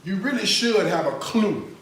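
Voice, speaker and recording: A man hosts a live cooking stream, talking straight to his viewers in a casual, disbelieving way. His slightly high voice swings up and down a lot. The sound bounces around a roomy home kitchen, with a faint hiss behind it. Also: unhurried. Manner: animated, incredulous, talks to viewers as y'all. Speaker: cooking livestream host. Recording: roomy kitchen echo, faint background noise.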